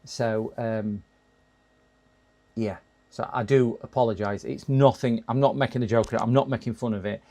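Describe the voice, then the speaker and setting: Gravelly man chatting on stream. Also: mid-range voice, steady tone, normal speed, dark tone. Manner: chatty, talks to chat while working, frequent restarts and laughs. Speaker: live-stream repair streamer. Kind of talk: casual live-stream chat.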